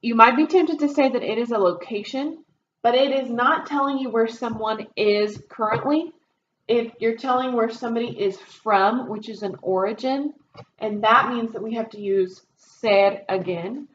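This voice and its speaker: Woman teacher, slightly high voice, slow and patient, dull lo-fi recording in a roomy classroom. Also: slight background noise. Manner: explaining step by step, many ums. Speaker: Spanish teacher. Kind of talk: classroom review lesson.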